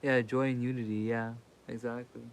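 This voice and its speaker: Sleepy guy reading old scripture out loud on a stream, trips on words and goes back, average pitch, faint hum behind. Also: flat delivery, moderate pace, rough recording. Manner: stumbles and rereads words while reading. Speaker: livestream host reading a sacred text aloud. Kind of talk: halting reading aloud with live asides.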